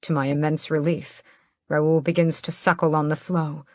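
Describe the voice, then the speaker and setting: A woman narrating a first-person fantasy audiobook in a measured, steady way, close to the mic. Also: sits low, dry recording.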